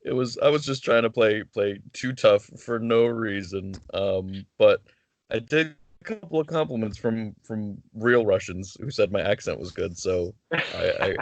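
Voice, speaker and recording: A man's voice: on the low side, measured pace, no room sound. A man talking casually as a guest over a video call, hesitant with many restarts. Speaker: wrestler guest. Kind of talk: casual interview chat.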